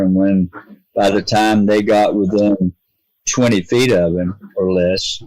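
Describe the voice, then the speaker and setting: A middle-aged man from the United States, a podcast guest telling a long personal story in an earnest, halting way, voicing the people in it. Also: on the low side, a little mellow, no room sound, low-quality recording.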